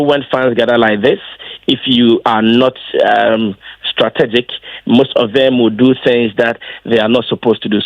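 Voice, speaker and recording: A man, an event organizer answering interview questions as an emphatic storyteller whose voice leaps high when he gets excited. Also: dry recording. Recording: dull lo-fi dry sound.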